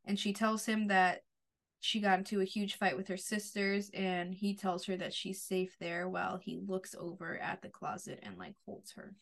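A woman co-hosting a podcast, chatting casually about a TV episode in a relaxed, agreeable way with lots of fillers. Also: medium pitch, moderate pace, creaky. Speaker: podcast co-host. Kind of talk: casual TV recap chat.

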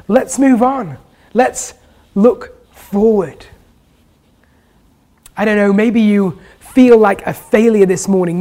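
Slow, earnest preacher giving a sermon. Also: mid-range voice. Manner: earnest, gentle, asks rhetorical questions.

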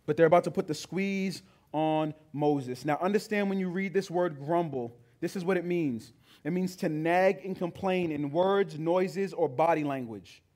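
A male pastor preaching a sermon with emphatic delivery that builds to loud, high peaks. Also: normal speed.

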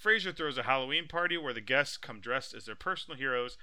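Male podcast co-host, bright crisp voice, dry close sound, animated storyteller. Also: mid-range voice, quick pace, dry recording. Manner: animated storyteller, loud laughing impressions. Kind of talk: casual chat.

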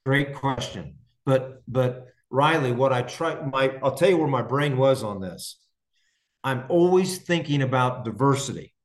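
With an animated, unhurried mid-range voice, this Indiana farmer runs his podcast like a casual live-stream chat. He answers listener questions enthusiastically, rambling and frequently starting sentences over.

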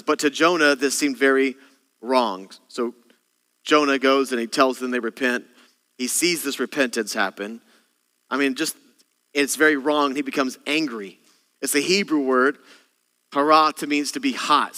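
A male senior pastor preaching a sermon, dramatic, acting out voices in sudden bursts. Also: medium pitch. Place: church auditorium. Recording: long hall reverb, faint guitar behind. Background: soft guitar.

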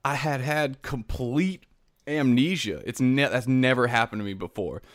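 A man's voice: medium pitch, normal speed, no room sound, clean studio sound. A male podcast host telling a long personal story in casual chat, self-mocking and laughing as he goes.

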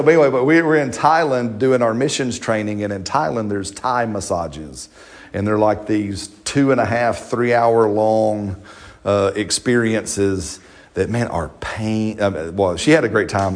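A middle-aged male pastor preaches a conversational, jokey sermon, repeating himself, restarting, and asking the congregation questions. His voice is lowish and his pace normal.

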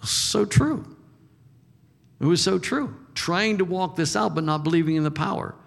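A man's voice: high-pitched, moderate pace, creaky. A man preaching a sermon in an informal, conversational way, acting out the voices he quotes and chuckling now and then. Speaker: pastor. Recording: long reverb of a large hall.

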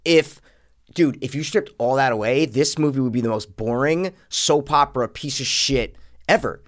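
A man co-hosting a podcast, talking casually and profanely about a movie, often jumping up in pitch to mock what characters say. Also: normal speed. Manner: animated, profane, mocking voices in quotes. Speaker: podcast co-host. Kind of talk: casual movie review chat.

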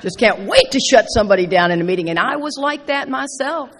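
A woman's voice: on the high side, fairly quick. Folksy middle-aged woman in a big hall. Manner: animated, emphatic, folksy, repeats phrases for stress. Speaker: speaker at a recovery convention. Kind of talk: personal recovery talk to an audience. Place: large indoor meeting hall. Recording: reverberant hall.

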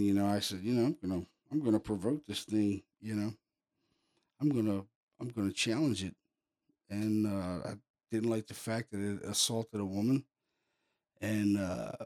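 Casting: low-pitched man, casual storyteller, lively, lots of fillers. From Pennsylvania, US. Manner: animated, heavy on fillers like "you know" and "boom". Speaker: paranormal investigator telling a case story.

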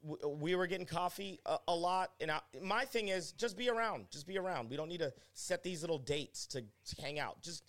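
A man's voice: moderate pace, hardly any pauses. A young man, a pastor, talking as a guest in a casual conversation and telling stories emphatically. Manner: animated, emphatic storytelling with pitch swings.

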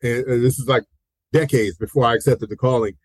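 Husky and medium-pitched, a roughly sixty-year-old pastor speaks a little fast as an interview guest, sharing stories from his life. He acts out quoted voices, laughs in the middle of tales, repeats himself, and sprinkles in "you know." The audio is rough, with no echo.

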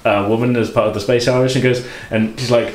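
A man's voice: medium pitch, level tone, fast talker, reverberant, poor audio. A man hosting a casual podcast chat as game master, talking loosely with many fillers. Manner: loose, filler-heavy talk.

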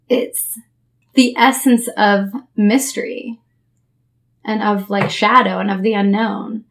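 A woman co-hosting a podcast, chatting casually and rambling with fillers, laughing often. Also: medium pitch. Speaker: podcast co-host. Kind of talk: casual chat.

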